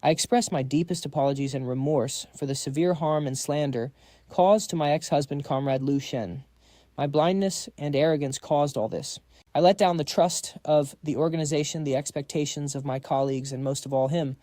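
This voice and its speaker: A man's voice: a little high, fairly even intonation, moderate pace, dark tone, dry recording, lightly acted. A man voicing a proud woman scientist who pleads with her ex-husband in an earnest manner. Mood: remorseful.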